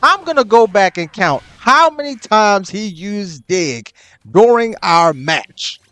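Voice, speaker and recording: Animated, excitable gamer man ranting. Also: high voice, slow pace, no room sound, faint music behind. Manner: swears often, loud exasperated outbursts. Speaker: gaming channel host. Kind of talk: ranked match commentary, ranting.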